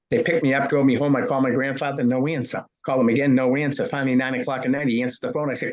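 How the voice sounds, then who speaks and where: A man's voice: medium pitch, steady tone, rapid-fire, hardly any pauses, lo-fi sound. A man in his sixties telling stories as an interview guest, punchy, asking and answering his own questions. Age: 60s. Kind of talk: storytelling interview.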